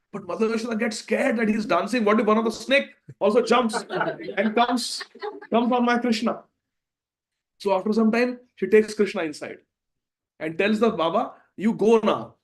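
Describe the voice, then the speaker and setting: A man retelling a devotional story in an animated way, with chuckles. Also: high-pitched. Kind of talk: storytelling sermon.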